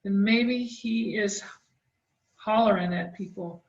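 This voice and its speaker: A gentle woman art teacher walks young children through a drawing, speaking slowly and encouragingly in a slightly high voice. She sits back from the microphone, and the dull, roomy recording carries an echo. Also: distant mic.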